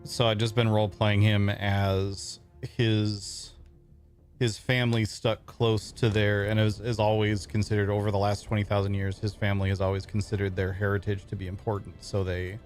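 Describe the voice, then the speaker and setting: Easygoing low-voiced streamer man. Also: flat delivery, normal speed, darkish tone, faint music behind. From Michigan, USA. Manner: rambling, easygoing, chuckles often. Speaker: streamer and role-player. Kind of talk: casual chat with viewers.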